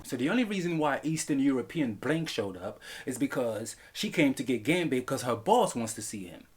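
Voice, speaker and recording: Animated, jokey male film reviewer. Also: medium pitch, moderate pace, a little hiss or hum. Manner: animated, jokey, profane, laughs often. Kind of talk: comedic review vlog.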